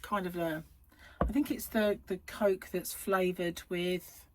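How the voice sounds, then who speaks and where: A woman's voice: lowish voice, fairly even intonation, takes it slowly, dry recording. A middle-aged woman hosting a crochet channel, chatting casually at home, rambling and laughing often. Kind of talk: casual chat to camera. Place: at home, indoors.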